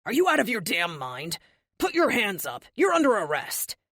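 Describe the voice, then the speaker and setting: A woman's voice: fairly low pitch, big pitch swings, brisk, fairly bright tone, no echo, clean studio sound. A woman reading a stern, commanding middle-aged male police officer in an audiobook. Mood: angry.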